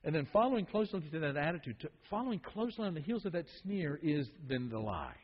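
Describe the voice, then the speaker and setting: A man with a high voice preaches a sermon, repeating phrases for emphasis and dropping to a hush before rising again. The sound is muffled and lo-fi. A long reverb trails his words through the hall. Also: sing-song, fast talker, breathy edge. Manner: emphatic, repeats phrases, swings from loud to hushed. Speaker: pastor.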